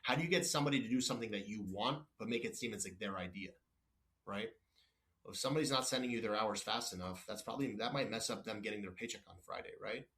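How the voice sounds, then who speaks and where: A man's voice: lowish voice, fast, fairly bright tone. A man guest on a podcast, telling workplace stories in a blunt, no-nonsense way, acting out back-and-forth exchanges, with frequent restarts. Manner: frequent restarts and apologies, wanders off topic. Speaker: company executive guest. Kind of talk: casual podcast interview.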